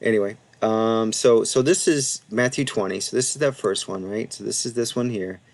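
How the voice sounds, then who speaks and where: A man giving a casual Bible lesson, talking through a passage with frequent fillers and asides and sounding out Greek words slowly. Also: lowish voice, darkish tone. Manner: conversational, many fillers and asides, reads Greek haltingly. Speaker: Bible teacher. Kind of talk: casual teaching presentation.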